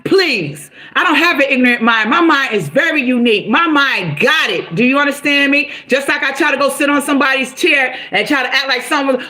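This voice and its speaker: Middle-aged woman, motivational streamer; high, bright voice; folksy, animated and preachy. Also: fairly quick, hardly any pauses. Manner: preachy, animated, bursts into exclamations; folksy, calls viewers baby girl and honey. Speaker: live streamer. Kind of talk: motivational live stream talk.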